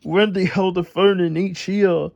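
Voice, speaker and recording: A man reading a children's storybook aloud in an unhurried way, stumbling over a word now and then. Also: high voice, steady tone, gravelly, darkish tone, dull audio. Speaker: storybook reader.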